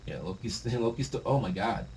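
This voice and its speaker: A man reads a manga chapter aloud and reacts as he goes, talking in casual slang. His pitch swings widely between low mutters and high bursts. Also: brisk, a little hiss or hum. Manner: excitable, slangy, breaks into shouts and laughs.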